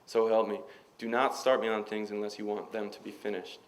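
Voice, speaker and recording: A man's voice: fairly low pitch, flat delivery, a little fast, lightly acted. A man reading as an earnest young husband.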